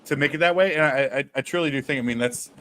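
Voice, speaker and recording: A man's voice: a little high, fast talker, fairly bright tone. A man hosting a casual podcast chat, rambling and restarting his sentences often. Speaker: host.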